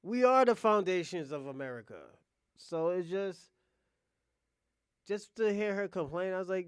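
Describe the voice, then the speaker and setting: A man's voice: high voice, normal speed, long pauses, clean tone, no room sound, studio quality. A man hosting a reaction video, talking in a blunt, heated casual rant full of swearing.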